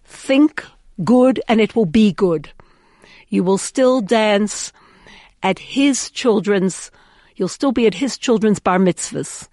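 A woman voicing an elderly rabbi who gives gentle reassurance, speaking slowly and partly in a whisper. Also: high-pitched, expressive, no room sound, full character voice. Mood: gentle assurance. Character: calm, wise elderly rabbi giving a blessing.

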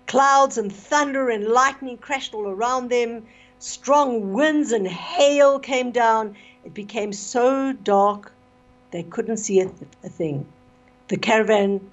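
A woman retelling a story on the radio, expressive and with fillers, on a dull lo-fi recording. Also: medium pitch.

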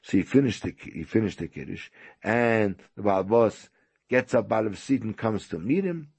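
A man's voice: fairly low pitch, expressive, moderate pace, creaky, darkish tone, husky. A man, a rabbi, telling a story in a sermon, often stammering and repeating himself.

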